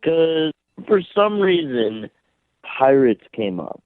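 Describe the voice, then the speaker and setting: A man calling in to a radio show, telling his story slowly and a little sheepishly over the phone. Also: fairly high pitch, big pitch swings. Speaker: caller. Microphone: telephone. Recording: phone line.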